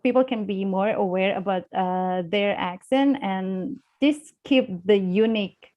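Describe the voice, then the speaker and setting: Indonesian-accented young woman guest, hesitant and full of fillers, mid-pitched voice. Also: measured pace, a little mellow, lo-fi sound. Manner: hesitant, many fillers and restarts. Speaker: guest speaker on English accents. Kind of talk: live online class discussion.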